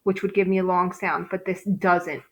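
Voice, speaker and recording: A woman's voice: fairly low pitch, steady tone, moderate pace. A woman teacher giving a recorded phonics lesson, explaining step by step with frequent "okay" and "um". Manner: patient, explains step by step, frequent okays and ums.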